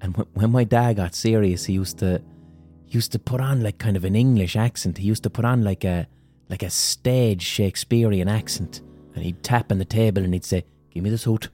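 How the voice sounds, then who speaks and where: Man, low-pitched, warm dark tone, crude rambling comic storytelling. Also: normal speed, faint music behind. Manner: rambling, crude, self-amused. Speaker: podcast host.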